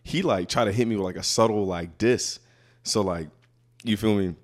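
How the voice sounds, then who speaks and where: A young man from Brooklyn talks in a casual podcast chat. His voice sits a little low for a man. He tells stories in a loose, profane, rambling way. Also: normal speed. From Brooklyn, New York.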